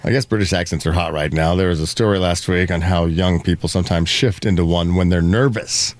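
A male morning radio host who banters and is quick to call out fakes. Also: deep voice, no echo.

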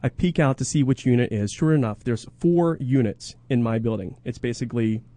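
A man's voice: medium pitch, a little fast, mellow, no echo. A young man co-hosting a radio show, rambling and self-interrupting through casual banter and ad reads.

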